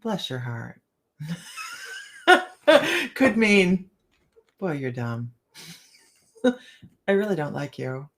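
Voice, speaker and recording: Reading tarot on a casual livestream, this middle-aged woman calls viewers by name and laughs frequently. Her voice sits on the low side, with big pitch swings, drawn-out words, and frequent pauses.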